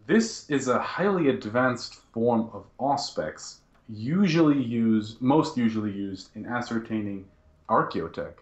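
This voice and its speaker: A man running a tabletop game as game master, narrating actions quickly. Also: medium pitch, expressive, reverberant, lo-fi sound. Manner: narrates quickly in present tense.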